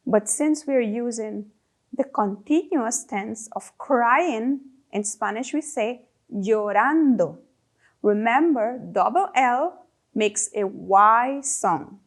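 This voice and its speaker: A woman leads a children's Spanish lesson, voicing each phrase slowly and plainly for learners to copy. Her voice sits fairly high and moves with lively, animated intonation. She keeps prompting her listeners to repeat, praising them as they go. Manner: slow, drawn-out model phrases for repeating. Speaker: Spanish teacher.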